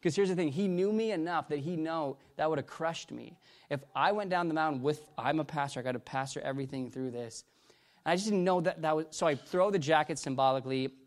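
Middle-aged guy preaching his story, rambly, keeps restarting, gets loud then goes real quiet. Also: fairly high pitch. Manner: halting and rambling, many restarts, swinging between loud bursts and hushed retelling. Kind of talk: sermon testimony.

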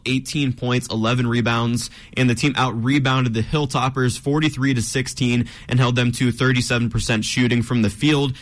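A man's voice: mid-range voice, a bit bright. A young man hosting a college radio sports talk show, running segment rundowns and teasing his co-hosts.

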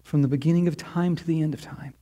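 A middle-aged man preaching a sermon, earnest, sinking low and quiet on key lines and rising when he voices prayers. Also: fairly even intonation, fast talker. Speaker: pastor.

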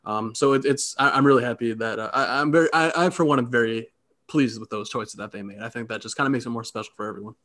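A man co-hosting a high school sports podcast, upbeat and wrapping up segments like a host. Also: fairly bright tone. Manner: quick, upbeat, host-like wrap-ups. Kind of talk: casual sports chat.

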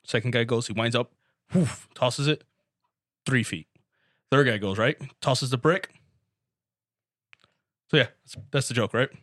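A man's voice: mid-range voice, a little slow, long pauses, fairly bright tone, no echo, clean studio sound. A young man in casual chat with friends, telling long rambling jokes and swearing freely. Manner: rambling joke-teller, swears a lot.

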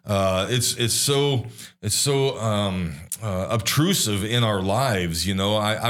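A man's voice: fairly low pitch, slow, a bit bright. A man co-hosting a faith-based podcast in casual discussion, talking hesitantly with frequent restarts and fillers. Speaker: podcast co-host.

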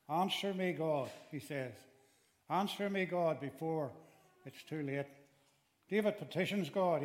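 A man's voice: fairly high pitch, a little hiss or hum. Earnest male preacher delivering a sermon. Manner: earnest, emphatic, rising in intensity on quoted pleas; direct address to listeners with restarts.

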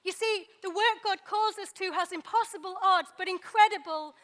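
Woman, very high voice, sermon, dramatic pauses. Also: fairly bright tone. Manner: dramatic pauses, acts out quoted dialogue. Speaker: preacher.

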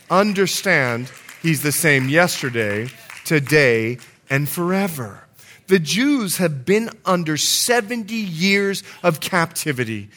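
Animated, bright-voiced male preacher. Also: on the high side, slow pace. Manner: animated storyteller with playful asides. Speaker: pastor. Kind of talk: sermon.

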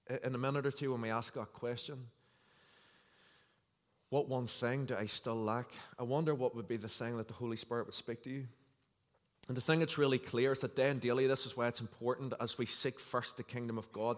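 A man preaching a sermon in an earnest, conversational way, reading scripture aloud. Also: medium pitch. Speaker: pastor. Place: church hall. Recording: long hall reverb.

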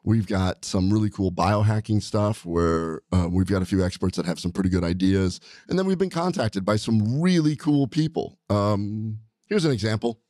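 A man's voice: fairly low pitch, animated, moderate pace, hardly any pauses, darkish tone, no echo. A man hosting a podcast, talking in an enthusiastic, rambling way with frequent restarts, in a studio. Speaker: podcast host, doctor. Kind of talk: casual podcast chat.

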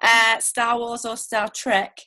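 A woman in her thirties with a northern English accent, hosting a casual remote podcast interview, chatty and quick with asides. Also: on the high side, little pitch movement, bright, forceful tone. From northern England. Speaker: podcast host.

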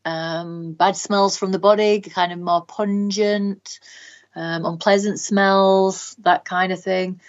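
A woman with a Northern English accent and a lowish voice, recorded with lo-fi sound. She's a guest practitioner on a podcast interview, explaining health topics in long stretches peppered with ums.

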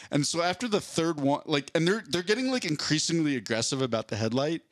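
A man's voice: fairly high pitch, normal speed, a bit bright, dry recording, studio quality. A man co-hosting a casual podcast chat, telling a rambling story and acting out the people in it. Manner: rambling storyteller, acts out cop and dispatcher voices. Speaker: podcast co-host.

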